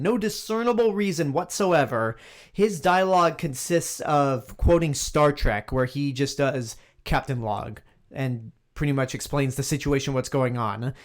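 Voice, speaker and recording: A fairly high-voiced man talks straight into the mic through a movie review. He is blunt and plainly exasperated, and he hammers his points home by repeating them. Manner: blunt and exasperated, emphatic repetition. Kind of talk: opinionated film review monologue.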